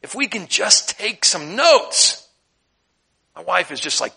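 A man's voice: high voice, a little slow, gravelly, husky. A man preaching a sermon, reading scripture and joking with laughing asides. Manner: humorous, animated, laughing asides. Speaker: pastor.

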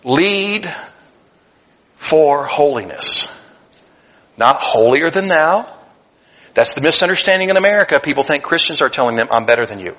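A pastor preaching a sermon, animated and conversational, swinging between loud emphatic passages and hushed earnest asides. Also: male voice, on the high side, moderate pace, long pauses, highs cut off. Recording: long hall reverb.

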